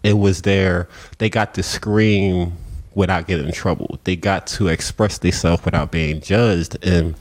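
A man telling a story in conversation and acting out the people in it with big jumps in voice. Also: unhurried. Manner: animated, acts out quoted voices with big pitch jumps. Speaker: community coach and mentor.

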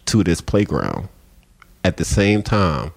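A man tells a story from his community work in relaxed conversation. His voice moves a lot, jumping high to act out the people he quotes. The delivery is lively and full of feeling. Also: slow pace, gravelly. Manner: animated, acts out quoted voices with big pitch jumps. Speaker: community coach and mentor.

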